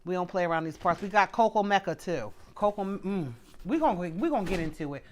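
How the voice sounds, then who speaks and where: A middle-aged woman hosts a casual livestream from home, reading viewers' comments aloud and thanking them by name as she speaks straight to her audience. Her fairly low voice is animated and brisk and rises and falls a lot, with a little hiss or hum in the audio.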